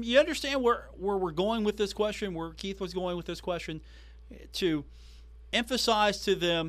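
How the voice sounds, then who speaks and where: Man, sports podcast host, somewhat high voice, emphatic recap delivery. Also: normal speed, a bit bright.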